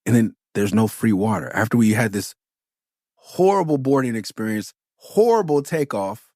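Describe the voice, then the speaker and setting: A man in his forties from Los Angeles, hosting a podcast and telling stories in an animated, profane way. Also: lowish voice, moderate pace, no echo, clean studio sound. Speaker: podcast host. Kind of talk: casual storytelling.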